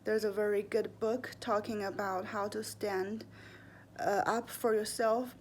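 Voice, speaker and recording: A young woman calmly and earnestly giving advice in a casual monologue, with frequent fillers. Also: medium pitch, a little hiss or hum. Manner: calm, earnest, deliberate, with fillers and slips.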